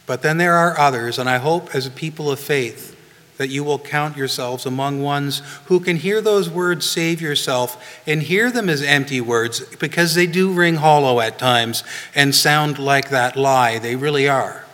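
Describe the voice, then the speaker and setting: A man's voice: fairly high pitch, moderate pace, a bit bright. A male pastor giving a sermon in a conversational way, often adding "you know" and "right?" to what he says. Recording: long reverb of a hall.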